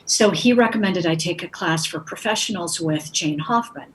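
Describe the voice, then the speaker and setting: A woman's voice: fairly low pitch, normal speed, slight background noise, low-quality recording. A middle-aged actress telling stories in conversation, acting out the people she quotes. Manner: animated anecdotes with acted-out quotes. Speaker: actress, guest. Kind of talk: conversational storytelling.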